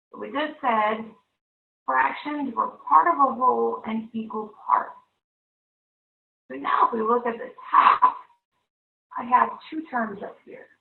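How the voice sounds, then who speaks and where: A woman's voice: fairly high pitch, creaky, slight background noise. A woman teaching a televised math lesson to young students, upbeat and coaxing, constantly checking in with the class. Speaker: third-grade teacher. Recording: echoey room, far-off, thin phone-like sound.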